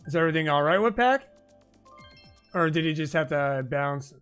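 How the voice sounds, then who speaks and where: A man with a high, bright voice chats casually while hosting a gaming stream, rambling and swearing freely. He speaks close to a boom-arm microphone at his home desk. Faint game music plays behind him. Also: lively intonation, moderate pace, smooth. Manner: rambling, profane, frequent "like" fillers. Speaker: live-stream gaming host.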